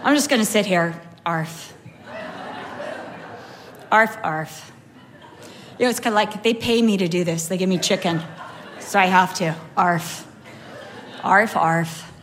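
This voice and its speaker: A woman voicing a jaded pet chihuahua, dropping lower into a flat, put-upon tone. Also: measured pace, pauses often, natural voice. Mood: weary. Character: jaded small pet chihuahua, weary and fed up.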